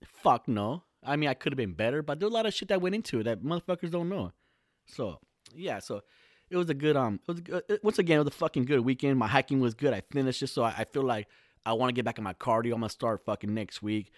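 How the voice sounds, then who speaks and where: Man vlogger, profane casual rant, pitch jumps all over, dry close sound. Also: expressive, dry recording. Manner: heavy swearing, fast slangy talk that swings into loud outbursts.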